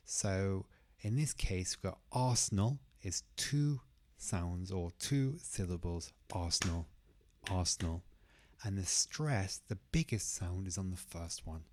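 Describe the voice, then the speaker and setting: A man teaching English pronunciation, who says each word slowly and carefully and repeats it twice. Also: deep voice, darkish tone. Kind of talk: pronunciation lesson.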